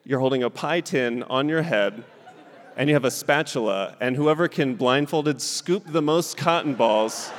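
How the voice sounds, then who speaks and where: A man in his thirties doing stand-up in an animated way, acting out friends and his son in quick put-on voices. His voice carries a long hall reverb, and his pitch sits in a middle range for a man. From Southern California. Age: 30s. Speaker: stand-up comedian and guest. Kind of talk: stand-up comedy then casual interview. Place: stage in a hall with a live audience.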